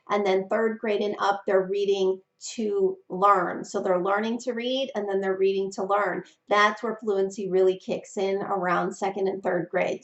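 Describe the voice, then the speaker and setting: Woman, reading teacher, expressive and emphatic, slightly muffled, echoey room. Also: medium pitch. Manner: expressive, emphatic, with deliberate pauses and inflection. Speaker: reading teacher and channel host. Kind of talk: instructional video talk to parents. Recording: roomy, slightly dull recording.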